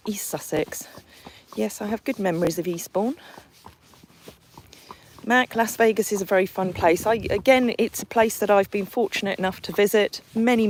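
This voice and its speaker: A friendly Englishwoman talks on a live stream from a country lane, in a voice of ordinary pitch. She chats freely and reads viewer comments aloud as they arrive. A faint hiss of noise sits behind her. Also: low-quality recording. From England. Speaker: horse sanctuary owner hosting a livestream. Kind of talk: live-stream chat while riding a horse.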